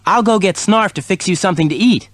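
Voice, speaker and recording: A man voicing an eager young boy cat-child in a storybook reading, sounding high and excited. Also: quick pace, dry recording.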